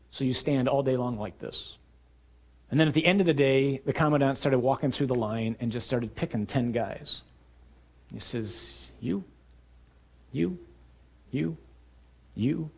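A man delivers a sermon full of vivid storytelling, acting out scenes and climbing to shouts before dropping low and quiet for emphasis. His voice is slightly rough.

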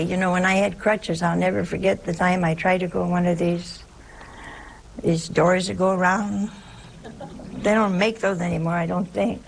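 A woman with a medium-pitched, creaky voice gives a sermon rooted in her Italian-American family background as a religious teacher. She blends moral teaching with funny family stories and rhetorical questions, and the poor audio carries slight background noise.

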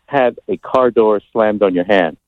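A man calling into a radio show, speaking in a halting, amused way. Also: fairly low pitch, no room sound. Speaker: caller. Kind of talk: phone call to radio show. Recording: dull phone line.

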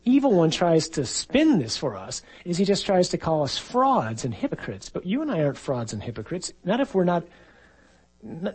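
A man's voice: sits high, husky, poor audio. A man, a priest, giving a conversational sermon and acting out the voices he quotes.

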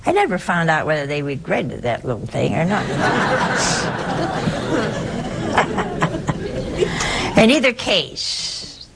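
An older woman, a nun, telling her life story in a chatty, unhurried way with asides like "you know" and "see". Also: low voice, very animated, vocal fry, slightly rough, some chatter behind. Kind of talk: personal storytelling.

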